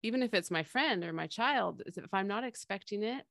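A woman's voice: mid-range voice, animated, a little fast, gravelly, fairly bright tone, no room sound, clean studio sound. A middle-aged woman co-hosting a casual podcast, explaining feelings through everyday analogies in a conversational way. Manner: explains with everyday analogies, acts out quoted voices. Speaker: podcast co-host.

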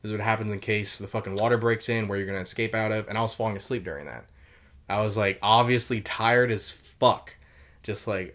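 A man's voice: fairly low pitch, fairly bright tone. Loose, swearing young man telling stories. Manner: swears a lot, quick and loose with many fillers. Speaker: podcast host telling military stories. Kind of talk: casual storytelling chat.

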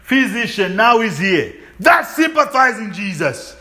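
Exuberant male preacher, highish bright voice, call-and-response style. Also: lively intonation, moderate pace. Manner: call-and-response questions, laughing, exuberant shouts. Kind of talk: sermon.

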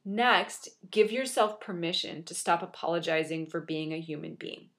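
A woman's voice: lowish voice, normal speed, fairly bright tone. A young adult woman giving an earnest, encouraging motivational monologue, repeating key phrases for emphasis. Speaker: motivational speaker.

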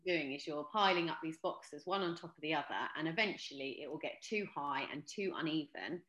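A woman with a low voice talks earnestly as a podcast guest, thinking aloud with ums and restarts. The sound has a roomy echo. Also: a little fast, a bit bright. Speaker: podcast guest, mental health advocate. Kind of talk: casual podcast interview.

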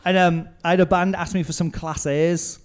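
High-voiced man telling stories. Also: fairly even intonation, normal speed, slight background noise. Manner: swearing storyteller, laughs often. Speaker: podcast host, author. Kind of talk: casual chat.

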